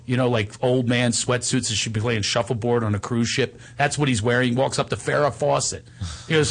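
Gravelly, husky man telling a story. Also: medium pitch, brisk. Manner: animated storytelling, laughing, frequent restarts. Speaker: actor and filmmaker telling a story. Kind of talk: casual anecdote.

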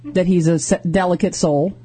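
A radio co-host with a mid-pitched voice trades teasing banter and laughs easily. The speech is loose and chatty. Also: fairly even intonation, normal speed, mellow, soft background music.

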